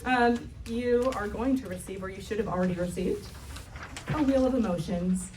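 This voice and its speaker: A woman's voice: mid-range voice, moderate pace, a little mellow, distant mic, a little hiss or hum. A woman in her thirties giving a chatty, self-mocking talk at a church retreat, often laughing as she tells family stories. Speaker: retreat speaker. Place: church hall. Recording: echoey hall, mic from afar.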